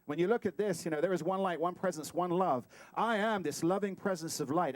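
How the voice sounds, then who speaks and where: A man giving a sermon as a guest speaker, animated and playful, acting out little scenes as he talks. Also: high-pitched, no room sound. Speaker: guest speaker at a spiritual center. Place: talk hall.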